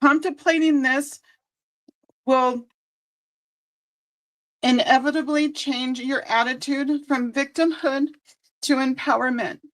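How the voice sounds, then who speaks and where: Tearful woman card reader on a live stream, high voice, slow unhurried delivery. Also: fairly even intonation, fairly bright tone, low-quality recording. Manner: emotional, tender, reading aloud slowly. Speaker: psychic card reader, host.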